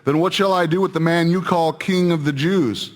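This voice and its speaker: A man's voice: a little high, fairly even intonation, moderate pace, big-room sound, pitched above the performer's own voice, close to an everyday voice. A man reading the part of an uneasy Roman governor in a scripture reading, pressing questions on a crowd. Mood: questioning.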